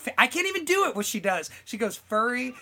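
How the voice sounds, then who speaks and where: Animated, bright-voiced man mimicking others. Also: extremely high pitch, fast. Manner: animated storyteller mimicking his wife. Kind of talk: casual chat.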